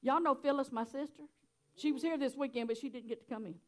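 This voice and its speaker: High-voiced folksy woman preaching. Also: fast talker. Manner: folksy, chatty, laughs often. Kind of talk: sermon.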